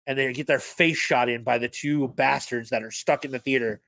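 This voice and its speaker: A man's voice: mid-range voice, steady tone, a little fast, vocal fry, fairly bright tone, no echo. A man co-hosting a podcast, talking about movies with energy and plenty of swearing. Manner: enthusiastic, profane, quotes scenes in put-on voices. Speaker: podcast co-host. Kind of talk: casual film chat.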